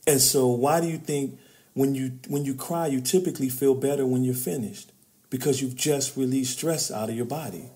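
A man's voice: mid-range voice, fairly even intonation, normal speed, warm tone. A middle-aged man, an author and men's trainer, speaking as a guest in a podcast interview, preacherly in tone, building to emphatic peaks. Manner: preacherly, rises to emphatic peaks, addresses host as brother.

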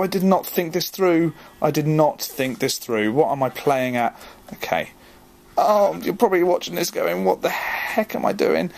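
A man's voice: fairly high pitch, vocal fry. A young man talks his way through a video game in a bouncy, sing-song voice that leaps up and down. He jokes about himself and gets flustered easily, and the talk stays loose and chatty throughout. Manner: excitable, jokey, easily flustered, self-mocking. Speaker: gaming video host. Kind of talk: casual let's-play commentary.

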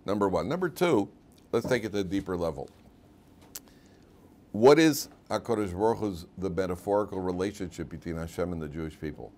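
A man teaching a lively Torah class as a rabbi, telling stories animatedly and laughing often in front of his students. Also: sits low, a little fast. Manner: animated, acts out quotes in put-on voices, laughs often.

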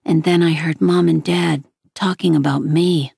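A woman with a gravelly voice reading a story aloud in steady first-person narration. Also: sits low, normal speed, no echo, clean studio sound. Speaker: audiobook reader.

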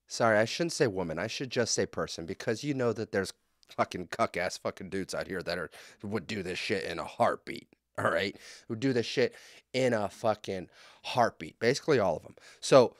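A man's voice: lowish voice, moderate pace, dry recording, clean studio sound. Blunt, profane man ranting on a podcast. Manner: profane, blunt and heated, swings loud. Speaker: podcast host. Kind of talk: casual podcast rant.

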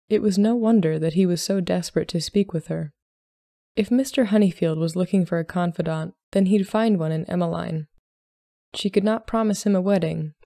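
A woman podcast host reads a short story aloud in a measured, even narration. Her lowish voice has a gravelly texture and a warm, dark tone, recorded dry and close. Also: no room sound.

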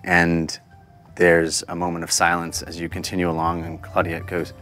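A woman narrating as game master of a tabletop game, halting with fillers as she describes the scene. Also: a bass voice, completely flat delivery, a bit bright, faint music behind.

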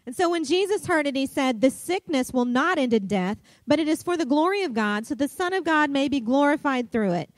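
A middle-aged woman pastor, preaching a sermon and telling a chatty, animated story full of fillers. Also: high voice, brisk, no echo.

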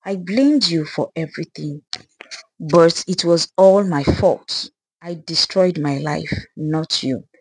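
A vengeful aunt speaks in a hard, unyielding tone, put on by a woman storyteller. Her voice sits low and husky, recorded dry and close with no room sound. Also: slow, no room sound, full character voice. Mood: remorseful. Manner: hard and unrelenting. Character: bitter jealous aunt, cold and vengeful.

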